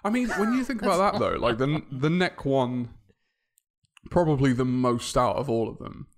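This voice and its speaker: Male co-host, thoughtful and measured, with a mid-pitched voice that moves around a lot. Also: lively intonation. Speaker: podcast co-host. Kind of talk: casual group chat.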